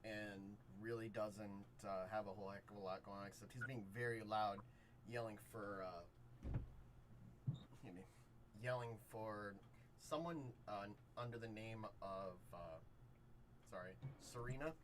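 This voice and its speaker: A man's voice: on the low side, measured pace. Male game master, casual rambling narration, noisy recording. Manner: relaxed, rambling with fillers. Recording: steady background noise.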